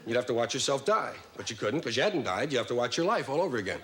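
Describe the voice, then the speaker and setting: A man performing a stand-up monologue in a wry, measured storytelling manner. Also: medium pitch, big pitch swings, fairly bright tone. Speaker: stand-up comedian. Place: television studio stage.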